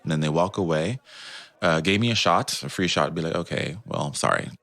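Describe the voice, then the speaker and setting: A man's voice: low voice, a little fast, no room sound. A man on a podcast, telling a casual story and acting out the voices of the people in it. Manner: animated, acts out quoted voices. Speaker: podcast guest. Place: Netherlands.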